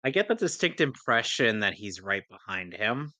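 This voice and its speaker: A man co-hosting a casual movie riff, tossing quick sarcastic jabs at the screen. His voice is bright and sharp, and it swings lively up and down. The recording is dry, with little room sound. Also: on the low side, no room sound. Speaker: movie commentary co-host. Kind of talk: casual movie riffing commentary.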